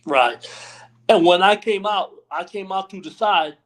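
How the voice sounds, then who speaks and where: High-pitched and unhurried, a retired pro wrestler joins a live stream interview as a guest over a remote call. His backstage stories ramble, he acts out others' words, and "you know what I mean" comes up often.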